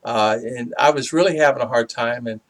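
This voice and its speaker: A middle-aged man and business owner, telling a personal faith story in a rambling, halting way, full of fillers and restarts. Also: medium pitch. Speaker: small business owner sharing a faith reflection.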